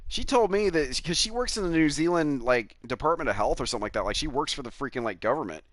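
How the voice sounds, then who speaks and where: A man's voice: a little high, lively intonation, fast talker, no echo. Profane, rambling male game streamer. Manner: rambling, profane, chuckling storyteller. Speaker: gaming streamer. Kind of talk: casual chat while live streaming a racing game.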